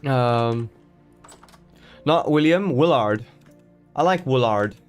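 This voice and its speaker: A man's voice: medium pitch, animated, slow pace, clean tone, soft background music. A man chatting live to his viewers while playing a game, rambling and joking as he goes, greeting people in chat. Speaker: streamer.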